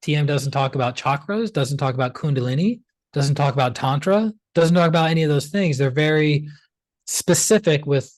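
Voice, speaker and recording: A man's voice: a little high, moderate pace, dry recording. A man in his forties, a guest in an interview, telling a personal story in a casual way and acting out past conversations.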